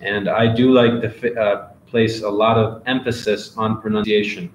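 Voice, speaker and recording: A man teaches a live online English class, reading out questions and answering them in a relaxed, encouraging way. His voice sits low. The room around him is echoey, with faint hiss in the background. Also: normal speed, muffled recording. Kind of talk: live Q&A office hours.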